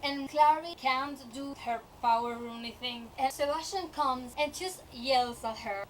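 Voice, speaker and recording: High-voiced young woman ranting animatedly. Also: unhurried, distant mic, background noise. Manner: animated, exasperated, laughs often. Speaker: vlogger. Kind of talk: casual rant about a TV show.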